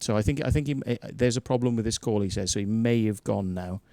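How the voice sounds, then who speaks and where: A man's voice: on the low side, fast talker, warm tone, no room sound. A man hosting a live web show, chatty and a little flustered. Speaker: show host.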